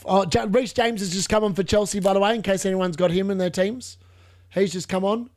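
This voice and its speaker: A young man commentating live on football matches for a fantasy football stream, chatting along and bursting into shouts at near misses. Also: high-pitched, fairly even intonation, fairly quick. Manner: chatty, muttering asides between reactions.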